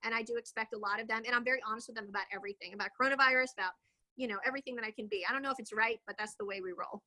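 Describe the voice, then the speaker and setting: Bright chatty woman guest. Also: on the high side, steady tone, very fast, rough recording. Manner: chatty, rambling with many fillers. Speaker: guest, real estate agent. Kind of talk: casual interview talk.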